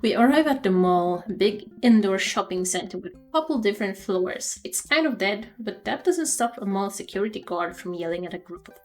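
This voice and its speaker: A woman's voice: medium pitch, animated, moderate pace, hardly any pauses, soft background music. A woman streamer reading a game's narration aloud and dropping wry, chatty asides. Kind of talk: reading a game aloud with casual commentary.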